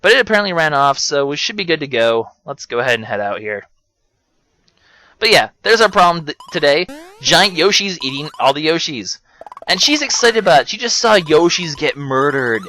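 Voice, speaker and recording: A man's voice: fairly high pitch, very animated, moderate pace, sharp tone. A young man giving casual, sarcastic commentary over a video game playthrough. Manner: sarcastic, mocking, joking asides. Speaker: let's play commentator. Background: game music.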